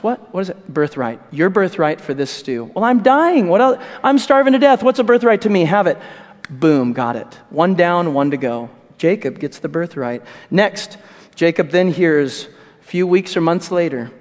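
A man's voice: fairly high pitch, a little mellow. A man preaching a sermon, retelling a scripture story vividly with asides. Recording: echoey hall with long reverb.

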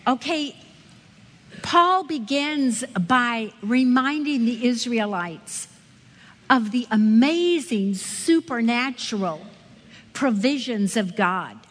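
A woman teaching a women's Bible study, expressive and asking her listeners questions. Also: a little high, slow. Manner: expressive, asks the audience questions. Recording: echoey hall with long reverb.

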